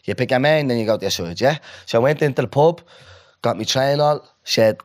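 Man telling an animated story. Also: medium pitch, brisk. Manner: animated storyteller, acts out quoted people. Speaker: podcast co-host. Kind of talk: casual chat.

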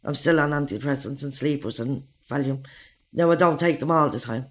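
A woman's voice: very deep voice, fairly quick. A woman in her forties with an Irish accent, bluntly telling her own life story in an interview and swearing freely. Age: 40s. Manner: blunt, swears freely, acts out others' lines.

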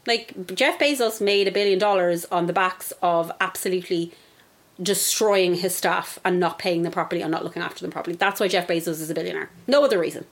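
A woman's voice: on the low side, a little fast. A young woman co-hosting a podcast in casual chat, blunt and sweary, reading listener emails aloud. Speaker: podcast co-host.

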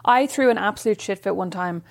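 A woman's voice: medium pitch, a little fast. A woman in casual podcast chat with a mid-range voice. She tells her stories frankly and expressively, and she swears easily as she talks. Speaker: podcast co-host.

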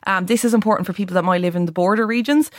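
A woman's voice: medium pitch, very fast, no echo, clean studio sound. An Irish woman reporter on a radio advice segment, chatting through phone prices and tips with frequent ums. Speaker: news reporter. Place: radio studio.

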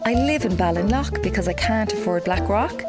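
A woman's voice: mid-range voice, animated, moderate pace, loud music behind the voice, natural voice. Woman doing a posh, tart agony aunt. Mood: snooty. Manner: snooty, tart put-downs. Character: posh, sharp-tongued Cork agony aunt. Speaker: advice columnist host. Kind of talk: comic radio sketch.

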